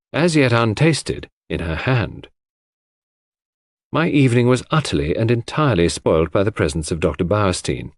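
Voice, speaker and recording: Low-voiced man narrating a mystery. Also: a little mellow, dry recording, studio quality. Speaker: audiobook narrator. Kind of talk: scripted narration of a classic mystery.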